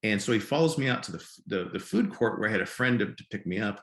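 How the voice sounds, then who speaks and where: A man in his fifties from Nebraska, a podcast guest telling his story in a halting way and often repeating words. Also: lowish voice, animated, a bit bright. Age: 50s. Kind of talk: conversational storytelling. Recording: roomy echo.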